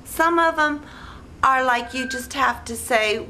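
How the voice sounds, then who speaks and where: A woman retelling a movie plot in a rambling, deadpan, naive way, with lots of "like" and "you know". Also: sits high, takes it slowly, a little hiss or hum, poor audio. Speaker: movie recapper.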